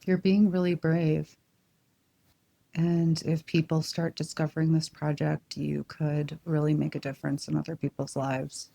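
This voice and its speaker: A woman hosts the interview, asking gentle, supportive questions. Her voice has a gravelly fry and a warm, mellow tone. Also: sits low, level tone, a little slow. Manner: soft, supportive, encouraging. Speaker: interview host.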